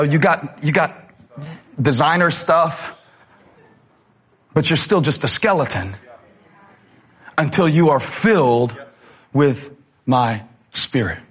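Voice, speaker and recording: A man preaching a sermon as pastor, animated, moving between loud passages and quiet ones. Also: mid-range voice, breathy edge.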